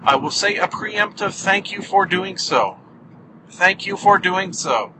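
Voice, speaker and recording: A man's voice: sits high, animated, a little slow. A man hosting a podcast alone, talking casually and joking wryly at his own expense while driving. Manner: wry, joking, self-mocking. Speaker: podcast host. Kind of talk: casual solo podcast monologue. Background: car engine and road hum.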